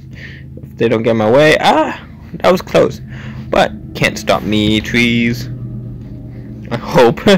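Slow, gravelly man narrating his gameplay. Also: mid-range voice, a little hiss or hum. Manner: talks to himself while playing, chatty, quick little laughs. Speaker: gaming channel host. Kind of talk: casual gameplay commentary.

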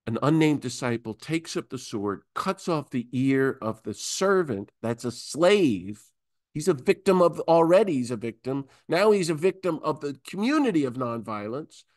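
A man, a priest, teaching a Bible class, retelling gospel scenes and acting out the disciples in higher voices. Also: measured pace. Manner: animated, acts out disciples in high voices.

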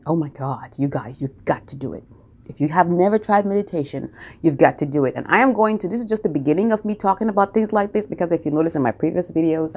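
A woman's voice: sits low, a little mellow. A woman who calls herself a mystic, talking casually to camera and answering a viewer's question about spiritual matters. She preaches emphatically, repeats key phrases for stress and keeps checking in with her viewers. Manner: addresses viewers directly with "okay?" and "you guys".

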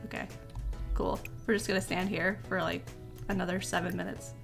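Chatty excitable woman narrating gameplay. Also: fairly low pitch, a little fast, gravelly, soft background music. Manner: chatty and excitable, reacting aloud to the game. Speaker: gaming video creator. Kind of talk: casual let's-play commentary.

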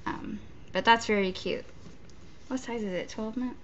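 A woman's voice: a little high, a little slow, muffled recording, a little hiss or hum. A woman chatting casually while opening a gift box, gushing and stammering between giggles. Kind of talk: casual unboxing chat. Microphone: off-camera, not shown.

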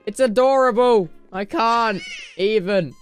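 A man streaming gameplay in casual chat, excitable and prone to sudden high shrieks and shouts. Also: slow pace, soft background music. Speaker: game streamer.

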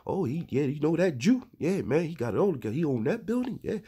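A man's voice: on the high side, sing-song, fast talker, mellow, husky, voice pushed up. A man imitating an older man who gives approving advice in a raised, emphatic voice. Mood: admiring.

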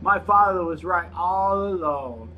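A man reading a note aloud in a put-on voice, playing a doomed young woman, slow and melodramatic. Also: high voice, animated, dull audio, a little hiss or hum. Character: doomed young woman writing a dying diary.

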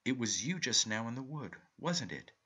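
A man voicing a reserved, earnest young man who asks quiet, hesitant questions. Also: medium pitch, very animated, moderate pace, breathy edge, voice pushed up, full character voice. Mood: hushed.

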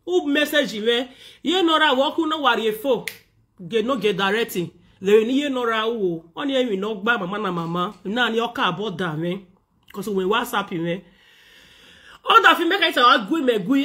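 Nigerian woman vlogger, sharp bright voice, animated and scolding, Pidgin accent. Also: a little high. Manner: scolding, animated, acts out others' words. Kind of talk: ranting monologue to camera.

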